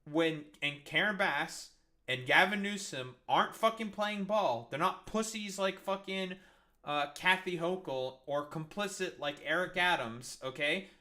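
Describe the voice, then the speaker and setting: A man's voice: fairly high pitch, a little slow, pushed and bright. A man ranting over news clips, angry, profane and sarcastic. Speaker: streamer reacting to news clips.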